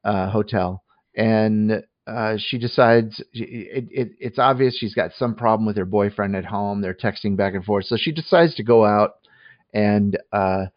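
A man's voice: on the low side, measured pace, no echo, lo-fi sound. A man casually reviewing a movie on a podcast, talking in a rambling way with many restarts and fillers.

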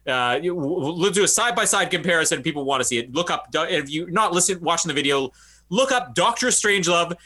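A man co-hosting a casual movie podcast, laughing often and slipping into quick comic voices. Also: sits high. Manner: laughs often, animated, does quick funny voices for quoted characters. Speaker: podcast co-host. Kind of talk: casual movie-review chat.

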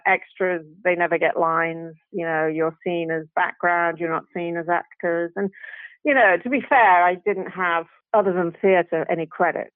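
A woman actress, a guest telling lively anecdotes in a casual chat, sprinkling in British slang. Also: mid-range voice, no room sound. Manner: chatty, animated anecdotes with British slang and laughs. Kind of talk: casual storytelling interview. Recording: tinny phone line, dry.

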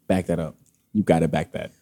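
A man's voice: low-pitched, steady tone, brisk, warm tone. A man in a casual chat, telling a long personal story in a rambling way, full of fillers and swearing. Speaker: podcast guest telling a story.

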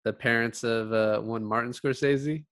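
A man's voice: mid-range voice, fairly even intonation, moderate pace, fairly bright tone, no room sound. A man co-hosting a casual movie chat, blunt and joking, with a habit of swearing. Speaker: podcast co-host.

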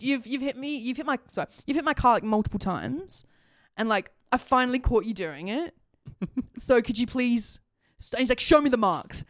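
A woman's voice: a little high, no echo, clean studio sound. A young woman telling a story in casual chat, laughing often and swearing. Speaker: podcast co-host.

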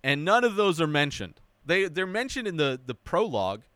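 A young man hosting a casual spoken movie review, animated and mocking, now and then dropping into a high whiny voice to mimic characters. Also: normal speed, smooth, no room sound.

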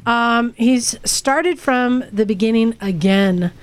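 Woman, podcast co-host, slightly high voice, casual reading of listener mail. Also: takes it slowly, a little hiss or hum. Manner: reads emails aloud with fillers. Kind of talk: casual chat.

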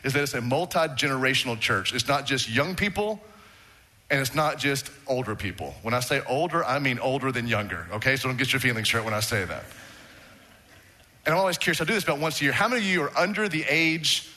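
A man's voice: mid-range voice, lively intonation, fast talker, sharp tone. A middle-aged man preaching a sermon to his congregation, conversational and asking them questions. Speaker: pastor. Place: church sanctuary.

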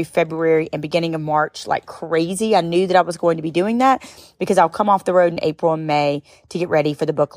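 Woman podcast host, middle-aged, expressive storytelling, lowish voice, dry close sound. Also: no room sound. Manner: expressive, tearful at times, rising to high exclamations. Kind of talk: emotional storytelling monologue.

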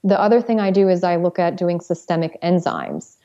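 Low mellow woman pharmacist explaining stuff, a bit dull lo-fi sound. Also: brisk. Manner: explanatory, matter-of-fact. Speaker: guest, pharmacist. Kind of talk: interview answers.

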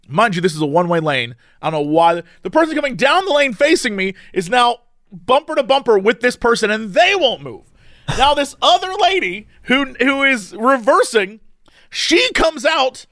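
A man with a high, lively voice tells a story in a casual chat. He laughs often and acts out each person in it. The sound is dry and close. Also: dry recording. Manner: animated, laughing, acting out the people in his story.

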